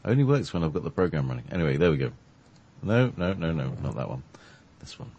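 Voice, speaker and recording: A man's voice: a bass voice, big pitch swings, fast, dull audio. A man telling a story in casual chat, with self-deprecating asides.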